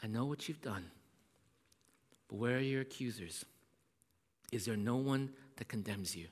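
A man preaching who voices Jesus in a quiet, tender, near-whispered way. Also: medium pitch, normal speed, pitched below the performer's own voice, lightly acted. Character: gentle forgiving male Jesus, speaking softly. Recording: echoey hall.

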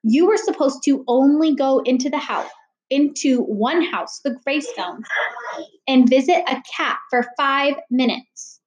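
A woman's voice: sits high, a little slow, voice pushed up. A woman voicing a stern, exasperated mother who scolds sharply, in a roomy echo. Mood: scolding.

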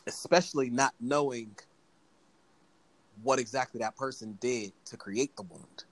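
A man talks in a relaxed, candid conversational way, often breaking into laughter. His voice sits in an ordinary middle range. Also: medium pitch, unhurried, rough recording. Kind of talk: casual conversation.

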